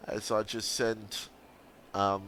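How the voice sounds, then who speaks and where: A man's voice: fairly low pitch, flat delivery, takes it slowly, fairly bright tone, slight background noise. Chatty laughing male race commentator. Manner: chatty and laughing, banters with chat and co-hosts. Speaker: sim racing league commentator. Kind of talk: casual live stream commentary.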